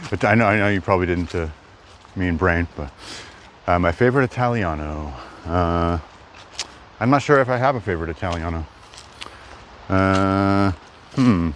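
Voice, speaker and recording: A man rambles to his live-stream viewers while hiking a wooded trail. His voice sits fairly low. Faint outdoor noise and the odd passing car sound behind him. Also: a little slow, pauses often. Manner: rambling, chatty, talks to chat. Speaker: livestreamer. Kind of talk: live-stream walking vlog. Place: outdoors in woods.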